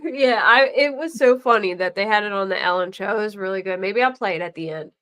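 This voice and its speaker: This middle-aged woman talks fast in a medium pitch as she hosts a true crime talk show. Her casual chat is full of lively storytelling, with the people in her stories acted out in quoted voices.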